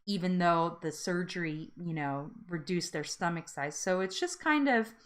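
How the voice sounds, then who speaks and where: A woman's voice: fairly low pitch, animated, normal speed. An earnest woman hosting a casual live weight loss support chat, talking with many fillers and restarts. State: teary and laughing through tears.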